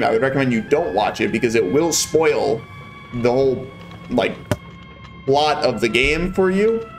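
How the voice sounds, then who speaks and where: A young man casually commenting on gameplay on a live stream, wry and a bit exasperated. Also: medium pitch.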